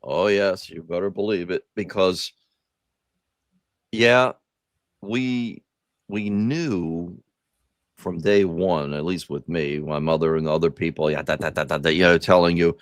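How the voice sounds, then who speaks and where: A man's voice: low voice, a little slow, pauses often, no echo, studio quality. A man hosting a podcast, chatting in a rambling, profane, nostalgic way. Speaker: podcast host. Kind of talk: casual chat.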